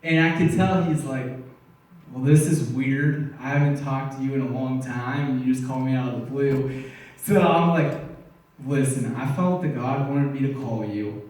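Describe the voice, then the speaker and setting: A young man giving a personal testimony at a church service, telling his story with excitement and acting out conversations with frequent laughter. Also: medium pitch, moderate pace, distant mic. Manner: earnest, excitable, laughing often. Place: church sanctuary. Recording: echoey church, voice off-mic.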